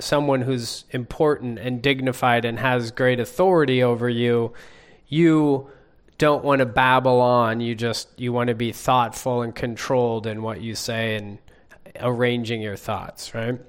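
A man leading a group Bible study, asking the class questions in a measured way. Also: medium pitch, clean tone.

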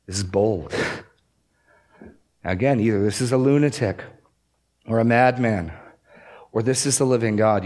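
A man preaching a sermon, expository and emphatic, pushing up and dropping down to stress key words. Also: on the low side. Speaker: pastor.

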